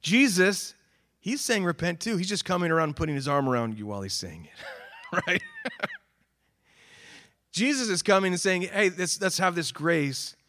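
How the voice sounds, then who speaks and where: Guy preaching, kinda high voice, earnest, gets loud then goes real quiet. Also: wildly swooping pitch, normal speed, pauses often. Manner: earnest, rising to emphatic calls then dropping quiet. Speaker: pastor. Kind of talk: sermon.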